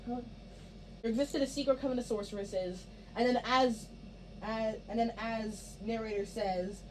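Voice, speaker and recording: Woman, director type, rambling blocking notes, slightly high voice, faint background noise. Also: fairly even intonation, measured pace, a little mellow. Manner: rambling, filler-heavy, restarts often. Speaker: stage director. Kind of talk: casual rehearsal instructions.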